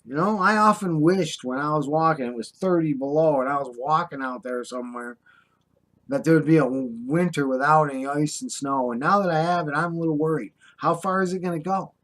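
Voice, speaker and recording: A man's voice: fairly high pitch, brisk, fairly bright tone. An older American man delivering an impassioned, scolding monologue to the camera, drawling sarcastic asides. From United States. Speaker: vlogger. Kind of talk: ranting monologue.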